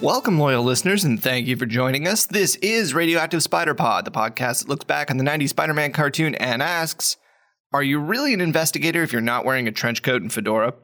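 A man's voice: on the high side, lively intonation, fast, pushed and bright, soft background music. A man hosting a podcast, reading a playful, wordy scripted intro. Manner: playful, wordy show-opener. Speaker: podcast host.

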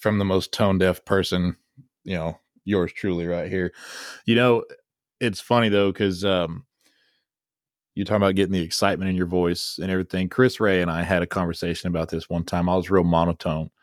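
A man's voice: low voice, steady tone, a little fast, no room sound, clean studio sound. A man hosting a podcast, talking in a laid-back, rambling way and joking with his co-host. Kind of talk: casual podcast chat.

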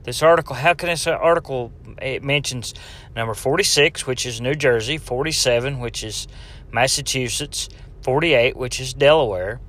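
A man's voice: mid-range voice, moderate pace, fairly bright tone. A man from Tennessee, hosting a casual solo podcast in a rambling, joking way and talking straight to the listener. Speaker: podcast host.

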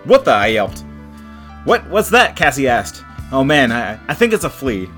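A man's voice: medium pitch, normal speed, faint music behind. A man co-hosting a casual book podcast, retelling the plot with wry asides and reading passages aloud. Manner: animated storyteller, wry, summarizes plot with asides. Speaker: podcast co-host.

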